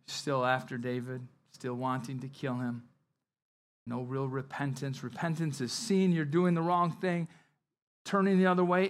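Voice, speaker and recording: A male pastor preaching a sermon in a conversational way, acting out the scenes with energy. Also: medium pitch. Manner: conversational, animated when acting out Bible scenes.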